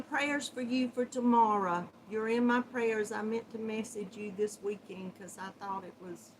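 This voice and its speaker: A woman from Georgia, USA, with a Southern accent hosts a crochet channel, chatting casually on a live stream, greeting viewers by name and laughing often. Her voice is mid-range. The audio is poor, with slight background noise.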